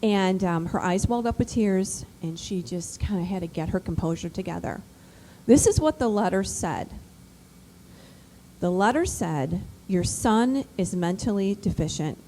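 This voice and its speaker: A woman giving an emphatic, animated motivational talk to mothers, built around personal stories. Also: medium pitch, normal speed, slight background noise, rough recording. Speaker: speaker addressing mothers. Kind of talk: motivational storytelling speech.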